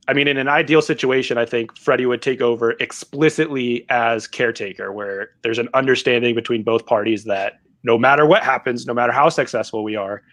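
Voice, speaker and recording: A man co-hosting a casual football podcast, talking in a hesitant, reasoning way with many pauses and restarts. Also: medium pitch, fairly bright tone, no echo. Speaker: podcast co-host. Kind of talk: casual chat.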